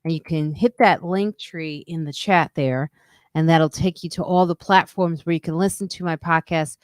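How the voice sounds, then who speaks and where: A woman's voice: fairly even intonation, moderate pace, no echo, clean studio sound. A woman comedian hosting her own live stream in a casual, chatty way, greeting viewers and reading out their comments. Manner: says she is using a weird low radio voice. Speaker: comedian and podcast host.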